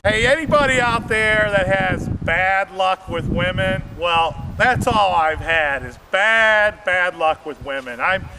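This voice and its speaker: Man, stand-up comedian, high voice, rambling storyteller, faint background noise. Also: takes it slowly, hardly any pauses. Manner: rambling storytelling, addresses audience directly.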